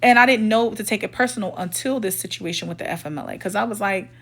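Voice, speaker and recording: A fast-talking woman with a mid-range voice tells a personal storytime. Casual but emphatic and indignant, the vlogger acts out the quoted dialogue of the people in her story.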